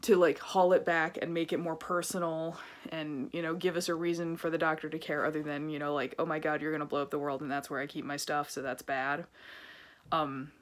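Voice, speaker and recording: Low-pitched woman vlogger, chatty and ranty, filler-heavy, casual delivery. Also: flat delivery, a little fast. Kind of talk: casual rambling review vlog.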